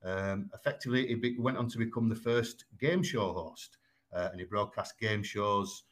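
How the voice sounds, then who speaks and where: A man from Yorkshire with a Yorkshire accent, talking as a guest and explaining things in a measured way, with frequent ums and small restarts. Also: fairly low pitch, fairly bright tone. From Yorkshire, England. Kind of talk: conversational explaining.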